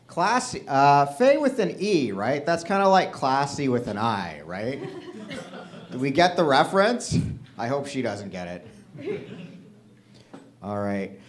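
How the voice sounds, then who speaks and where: A man doing a dark stand-up set at an open mic, with deadpan crowd work. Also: mid-range voice, slow pace, pauses often.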